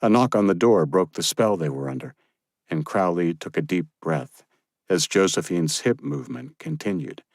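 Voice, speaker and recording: A man reading an audiobook as the narrator, in a steady, even storytelling manner. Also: low-pitched, moderate pace, creaky, no room sound, studio quality. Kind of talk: scripted narration.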